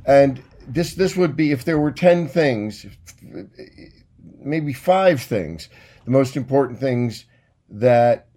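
A middle-aged man delivers a solo podcast monologue at a slow, deliberate pace. He speaks with a mock-grand flourish and a self-mocking wink, often circling back and restarting his thoughts. His pitch sits in an ordinary male middle range. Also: warm tone. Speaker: podcast host, former political consultant. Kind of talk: casual monologue.

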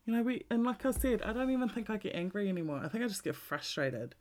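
A middle-aged woman, talking bluntly and swearing freely in a casual monologue, with animated emphasis. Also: mid-range voice, fast.

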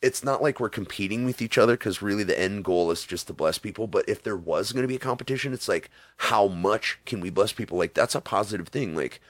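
A man's voice: lowish voice, a little fast, few pauses, dry recording. A man in a casual interview, telling rambling stories and acting out quotes along the way. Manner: rambling storytelling with acted-out quotes.

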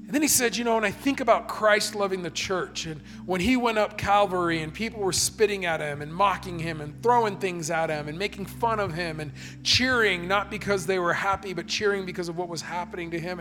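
A man's voice: high voice, fairly bright tone. A middle-aged man preaching a sermon, telling a story in an earnest, conversational way. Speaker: pastor. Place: church stage.

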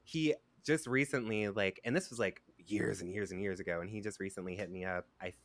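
A man's voice: fairly low pitch, fairly quick, fairly bright tone. A man telling a personal story in casual chat on a podcast, rambling with many fillers. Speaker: podcast guest.

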